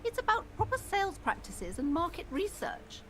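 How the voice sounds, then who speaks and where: A woman's voice: very high-pitched, very animated, normal speed, a bit bright, full character voice. A woman voicing a proud, pushy middle-aged shopkeeper mother in a video game, stern and businesslike and doting on her daughter. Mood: insistent. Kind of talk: voiced video game dialogue.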